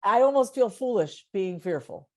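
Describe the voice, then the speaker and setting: A woman's voice: mid-range voice, moderate pace. A woman guest on a podcast talking casually and with energy, often repeating words as she builds a point. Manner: animated, repeats words when excited; coaches herself out loud. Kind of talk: casual conversation.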